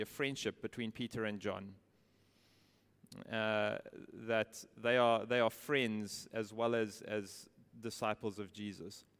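A man delivers a sermon in a smooth, resonant voice, pressing his points with rhetorical questions and repeated phrases. His words ring out with the long reverb of a large hall. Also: mid-range voice, fairly bright tone. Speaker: preacher.

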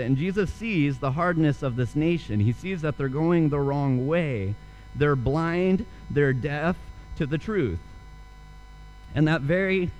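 A man's voice: fairly high pitch, a little mellow, a little hiss or hum, low-quality recording. A young man preaching a sermon, telling a story and then asking earnest rhetorical questions. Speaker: pastor.

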